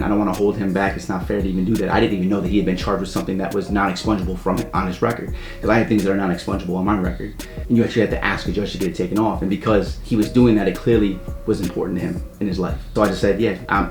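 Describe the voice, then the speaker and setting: A man casually telling a story from his own life, rambling with wry asides and loudly acting out the voices of the people in it. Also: on the low side. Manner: rambling, wry asides, loud acted quotes. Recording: echoey room, faint music.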